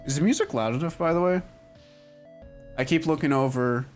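A man's voice: a little high, fairly quick. A young man chatting casually on a livestream, rambling with lots of "like" and "um" fillers. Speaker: streamer. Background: faint music.

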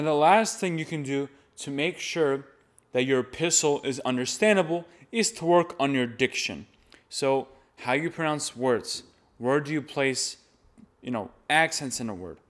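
A man's voice: mid-range voice, measured pace. A young man giving an instructional talk on chanting, stopping now and then to demonstrate. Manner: demonstrates by reading and chanting examples. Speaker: chant teacher.

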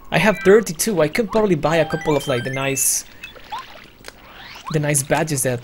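A chatty let's player who comments on a live, blind playthrough. They think aloud between moves, at a middling pitch. Faint game music plays behind the voice.

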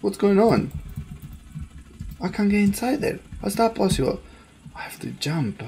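Excitable, gravelly gamer voice. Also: medium pitch, measured pace, slight background noise. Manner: excitable, panicky, laughs often. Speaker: gaming channel host. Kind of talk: gameplay commentary.

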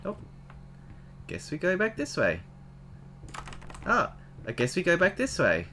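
A man narrating his own playthrough in a casual, chatty way, his voice leaping wildly up and down as he exclaims at each discovery. His tone is bright and sharp, and he talks straight to his viewers. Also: high voice, huge pitch swings, measured pace, slight background noise. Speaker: let's play gamer. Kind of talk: casual game commentary.

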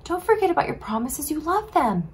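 A woman voicing a man softly and earnestly begging for mercy in a children's Bible story. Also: high-pitched, big pitch swings, fairly quick, pitched above the performer's own voice. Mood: pleading.

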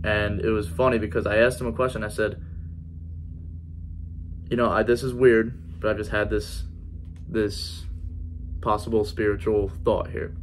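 A man's voice: fairly low pitch, slight background noise. A man giving an earnest personal faith testimony in a conversational vlog style, repeating key phrases for emphasis. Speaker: faith vlogger.

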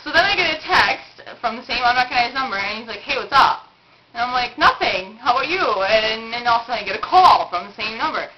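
A woman's voice: fairly high pitch, expressive, quick pace, lo-fi sound. A young woman telling a rambling story in casual chat, with lots of fillers and giggles. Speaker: vlog co-host. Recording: noisy home video recording.

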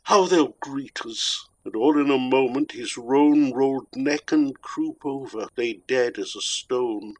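A man giving a dramatic poetry reading with a measured, rhythmic delivery. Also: medium pitch, rough recording. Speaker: poetry reader.

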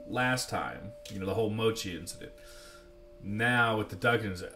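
A man's voice: medium pitch, lively intonation, moderate pace, sharp tone, soft background music. A man giving casual gameplay commentary, playful and jokey, often talking to himself. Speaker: let's play commentator.

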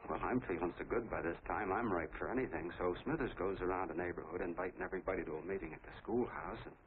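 A man plays a chatty small-town soda jerk who tells his tale in a folksy, rambling way. His American voice sits a bit low. The sound is tinny and thin, like an old 1940s film, with a faint hiss under it. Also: fast, natural voice.

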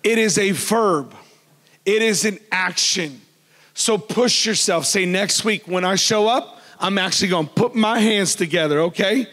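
A man preaches in a loud, animated voice that sits high for a man. He jokes freely with his congregation. The voice rings with the long reverb of a church hall. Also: measured pace. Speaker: pastor. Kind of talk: sermon.

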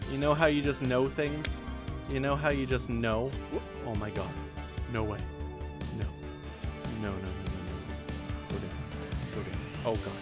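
A man in let's play commentary, reacting to a hard climbing game with anxious exclamations, pleading and cursing at the game. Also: medium pitch. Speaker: gaming video creator. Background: game music.

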